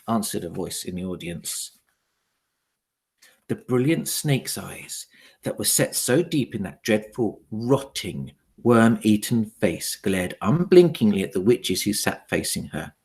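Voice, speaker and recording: A man, a primary school teacher, reading a children's novel aloud with expressive, dramatic storytelling. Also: fairly low pitch, measured pace, creaky.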